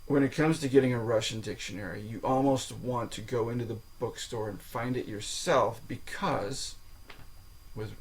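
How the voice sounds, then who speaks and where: A man's voice: medium pitch, moderate pace, low-quality recording. Casual, cursing male podcast host. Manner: informal, swears, repeats "okay?" to the listener. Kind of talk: casual solo podcast talk.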